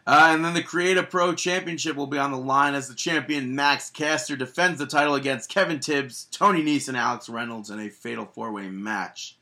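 A man's voice: mid-range voice, moderate pace, hardly any pauses, bright, forceful tone. A man co-hosting a casual podcast, reading results and teasing his co-host. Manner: teasing, joking banter.

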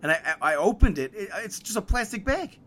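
A New man tells a venue story on his podcast, his voice sitting a little high. He acts out both sides of the argument and grows more and more irritated. It is a casual, chatty retelling. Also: quick pace. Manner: animated, exasperated retelling with quoted dialogue. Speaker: podcast co-host.

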